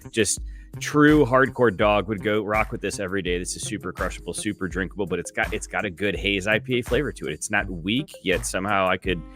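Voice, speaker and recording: Low-voiced rambling podcast co-host man. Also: fairly quick, music in the background. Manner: rambling, self-deprecating. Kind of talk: casual beer-and-sports chat.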